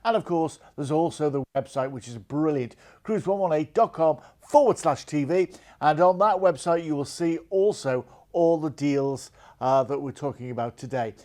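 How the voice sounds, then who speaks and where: A man presents cruise deals on a TV show with chatty, eager salesmanship. His voice sits a little higher than most men's, and he keeps dropping in casual fillers as he talks viewers through each offer. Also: normal speed, dark tone. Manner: enthusiastic and salesy, full of fillers like "you know".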